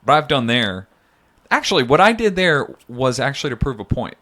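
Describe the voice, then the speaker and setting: A man's voice: mid-range voice, big pitch swings, normal speed, bright, forceful tone. A man co-hosting a podcast in casual chat, rambling and jokey, often mocking himself. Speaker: podcast co-host.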